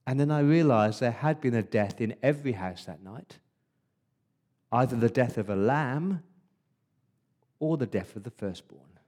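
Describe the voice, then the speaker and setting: A man preaching as an Israelite firstborn boy, telling the Passover night story in the first person, hushed in its dark moments. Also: mid-range voice, animated, measured pace, long pauses. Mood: grave. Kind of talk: first-person dramatic monologue in a sermon.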